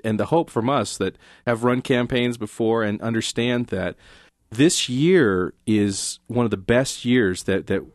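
A man's voice: on the low side, no echo. A man being interviewed in a radio studio as a campaign manager, speaking earnestly with filler ums.

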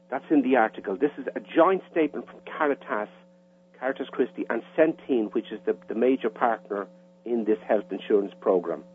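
A man's voice: lowish voice, a little hiss or hum. Irish man on a tinny phone line. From Ireland. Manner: plain, explanatory, with hesitations. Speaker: caller. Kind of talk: phone-in radio interview.

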